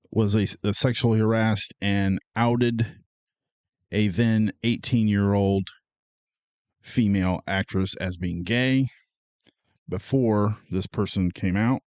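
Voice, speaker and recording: A man with a low voice co-hosts a casual film podcast. He goes through his notes in a measured, matter-of-fact way. The sound is close and dry. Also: steady tone, darkish tone, no room sound. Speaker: podcast co-host. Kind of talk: casual chat.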